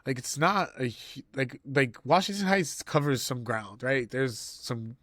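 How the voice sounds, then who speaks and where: A man's voice: mid-range voice, a little slow, dry recording, clean studio sound. Laid-back jokey male podcast co-host. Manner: relaxed, rambling, jokey. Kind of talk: casual chat.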